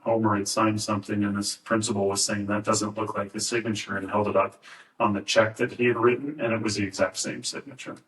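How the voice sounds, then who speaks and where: A man's voice: lowish voice, level tone, brisk, a bit bright. A man who works in escrow, chatting casually on a podcast, curious and teasing, full of questions. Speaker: escrow officer and podcast co-host. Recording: echoey room, distant from mic.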